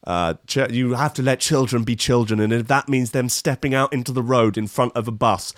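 In this comic news commentary, the podcast host reads out stories and riffs on them sarcastically, rambling and often restarting. He speaks at a moderate pace in a medium-pitched voice. The recording is dry and of studio quality.

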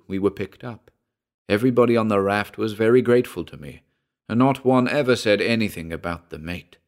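A man voicing a weathered old sea captain, gruff and brooding, in a spoken story. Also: low voice.

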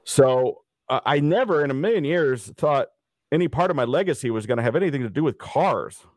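A middle-aged man from Dallas telling stories in a casual interview, lively and acting out the people he quotes. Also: medium pitch, brisk, no room sound, studio quality. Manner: animated anecdote teller, acts out quoted people. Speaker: interview guest.

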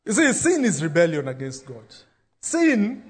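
A pastor preaching a sermon, dropping into quoted voices for emphasis. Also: male voice, sits high, wildly swooping pitch, a little slow.

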